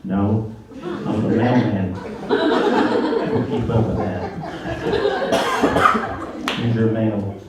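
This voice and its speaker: Slow, deadpan mailman, as a man puts him on; echoey and distant. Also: fairly low pitch, a loud crowd, voice pushed down. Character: calm, unbothered mailman. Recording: echoey, distant, noisy room recording.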